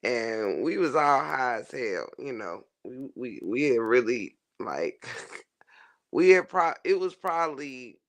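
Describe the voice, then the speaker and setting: A man telling a funny story to his chat in a casual, animated way, swearing freely and laughing often. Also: mid-range voice, takes it slowly. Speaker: livestream host reading chat.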